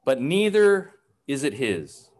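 A man voicing a calm, patient eldest brother who speaks softly and gently, with a lively pitch. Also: takes it slowly. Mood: gentle. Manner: soft, patient.

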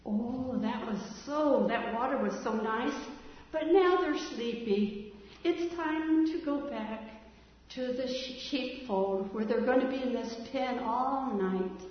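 A woman telling a story to a child in a gentle, coaxing way, asking the child to join in. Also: a little high, slow. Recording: echoey room from far off, dull sound.

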